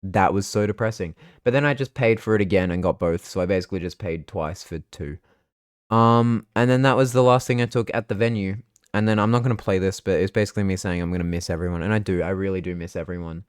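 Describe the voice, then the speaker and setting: A man's voice: low voice, fast, clean tone, dry recording, studio quality. A young man, chatting casually and rambling through a vlog recap of his trip. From Australia. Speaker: vlogger.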